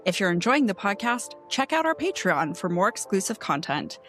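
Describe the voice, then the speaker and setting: A woman's voice: medium pitch, very animated, normal speed, a bit bright, soft background music. A woman co-hosting a book podcast in casual chat, easygoing and laughing often. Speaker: podcast co-host.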